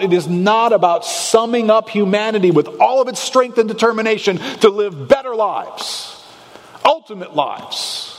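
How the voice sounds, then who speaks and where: A man's voice: high voice, in a large hall. A man preaching a sermon as a pastor, talking conversationally with the congregation, asking rhetorical questions and acting out anxious inner voices.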